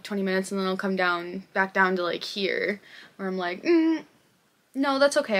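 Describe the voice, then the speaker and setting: A woman's voice: mid-range voice, fairly bright tone. Rambling young woman vlogging at home. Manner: rambling, self-deprecating, voices her own thoughts. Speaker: crochet vlogger. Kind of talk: casual vlog chat.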